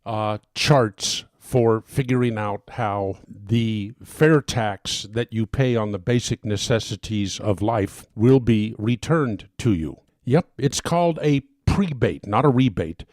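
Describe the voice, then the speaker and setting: A man's voice: on the low side, slow pace, hardly any pauses, darkish tone, no echo, studio quality. Emphatic man making a persuasive case. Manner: emphatic, gets worked up. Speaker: fair tax advocate giving a talk. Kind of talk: persuasive talk.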